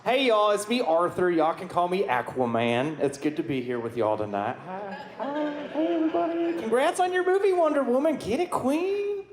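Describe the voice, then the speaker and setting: A man's voice: a little high, lively intonation, moderate pace, hardly any pauses, natural voice. A man playing a flamboyant southern superhero of the sea, speaking with a sassy Southern US drawl and folksy catchphrases in a stand-up roast. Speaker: roast comedian in character. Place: comedy club stage. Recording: echoey club with audience laughter. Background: crowd laughing.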